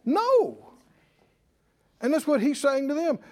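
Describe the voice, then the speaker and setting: A man's voice: very high-pitched, slow. A man preaching a sermon, calling out questions to the congregation and acting out voices with laughter. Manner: animated, call-and-response with the congregation; acts out quoted voices and laughs often. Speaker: pastor.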